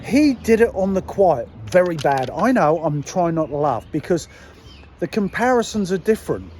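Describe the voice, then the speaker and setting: With a high-sitting, sing-song voice and a darkish tone, this middle-aged man from England rants casually at normal speed as a political commentary vlogger. His indignant, profane monologue is packed with rhetorical questions for viewers, with a faint hiss or hum.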